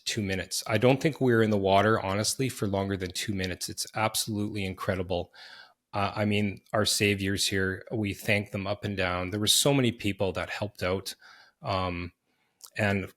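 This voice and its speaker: A middle-aged man hosting a podcast, earnestly telling a personal story in vivid detail with quick restarts. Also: lowish voice, fairly even intonation, fairly bright tone. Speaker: podcast host.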